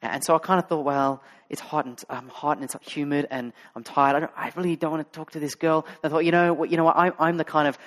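Australian pastor, higher-pitched man. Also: flat delivery, fast, hardly any pauses. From Sydney, Australia. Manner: conversational, storytelling with frequent fillers and restarts. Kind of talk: sermon.

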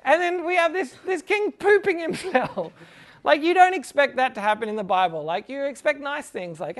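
Jokey high-voiced man teaching the Bible. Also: expressive, normal speed, fairly bright tone. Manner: jokey, chuckling, fills talk with "like". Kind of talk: casual humorous Bible talk.

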